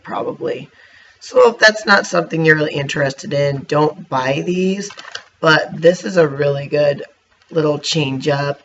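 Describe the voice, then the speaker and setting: A man's voice: on the high side, sharp tone. A man casually reviewing snacks for his viewers, chatty and hiccuping now and then. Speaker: vlogger. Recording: dull lo-fi sound with faint noise.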